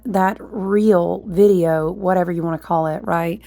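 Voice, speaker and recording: A woman's voice: lowish voice, normal speed, mellow. Rambling woman recovering from a chest cold. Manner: rambling, stream-of-consciousness, with many fillers and restarts. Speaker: astrology and tarot channel host. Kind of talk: casual spiritual monologue.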